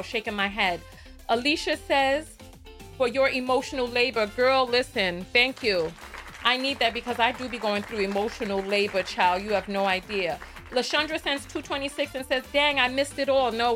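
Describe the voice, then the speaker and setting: A woman's voice: fairly high pitch, fairly bright tone. A woman with a New York accent hosting a livestream talk show, chatty and sassy, reading out viewer donations and laughing often.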